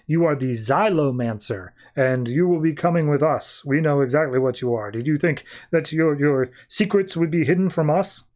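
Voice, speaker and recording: A man's voice: fairly high pitch, normal speed, hardly any pauses, a little mellow, natural voice. A man voicing a menacing, gloating half-wolf male hunter in a podcast recap.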